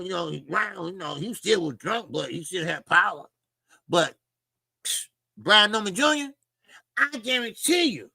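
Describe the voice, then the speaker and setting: High gravelly man hosting a boxing stream. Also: dry recording, studio quality. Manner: animated, profane, greets chat viewers. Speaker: boxing show host. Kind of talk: casual livestream commentary.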